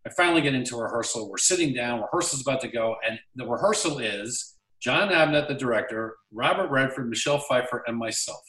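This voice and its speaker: A man's voice: medium pitch, a little fast, hardly any pauses, reverberant, recorded from a distance, low-quality recording. A man, an actor, casually telling an anecdote about his career, acting out the lines of the people in it. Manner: animated storyteller acting out quoted lines. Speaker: actor guest.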